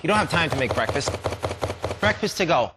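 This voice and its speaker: A man giving a pushy, emphatic product demonstration as an infomercial pitchman. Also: sing-song, fairly quick, very noisy. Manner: pushy, emphatic salesman patter.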